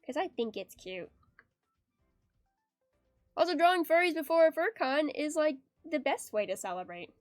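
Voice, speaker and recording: A bubbly young woman with a high, bright-sounding voice chats casually while she draws on stream. She giggles often and reads her chat aloud. The sound is dry and close, with faint music playing behind her. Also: very animated, moderate pace, long pauses, dry recording. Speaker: art streamer.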